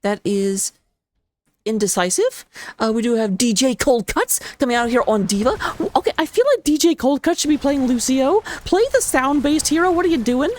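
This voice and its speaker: A woman casting a live esports match, talking rapidly and excitably with a playful, jokey manner. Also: sits high. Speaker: esports caster. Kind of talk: live game commentary on a stream.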